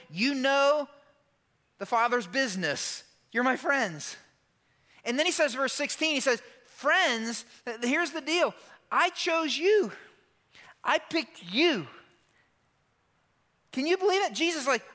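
A man preaching a sermon as a pastor, emphatic and animated, acting out quoted lines and tossing asides to the congregation. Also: very high voice. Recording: long hall reverb.

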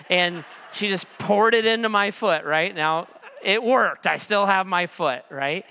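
A man's voice: sits high, pushed and bright, clear, resonant tone. A man in his forties preaching a sermon, telling a personal story in a conversational way with self-deprecating humor. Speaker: pastor. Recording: long hall reverb.

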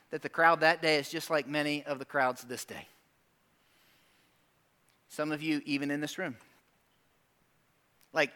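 A man preaching a sermon in a church, animated, acting out voices of the crowd and dropping to hushed, serious asides. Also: high voice. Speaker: pastor.

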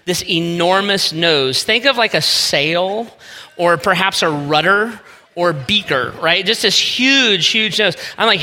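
Bright-voiced man preaching in a reverberant church. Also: high voice, moderate pace. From Northeast Ohio. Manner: folksy, self-deprecating storytelling. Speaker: pastor. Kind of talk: sermon with personal story. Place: church sanctuary. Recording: long hall reverb.

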